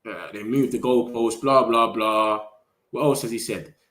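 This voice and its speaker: A young man hosts a casual football livestream, talking fast and slangy directly to his chat. His voice is mid-pitched, and he gets excited easily.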